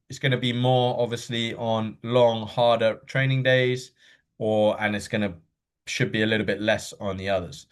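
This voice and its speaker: A man coaching runners in a live online session, talking quickly and casually with fillers and frequent okays. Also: medium pitch, smooth. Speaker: running coach. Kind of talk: live online workshop talk.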